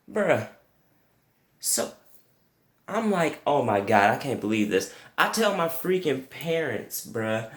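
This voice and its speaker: A young man telling a comic story with crude language, jumping to high yelps when quoting himself. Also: slow, pauses often, reverberant. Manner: animated, profane, jumps to high yelps for quoted reactions. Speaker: comedic storyteller.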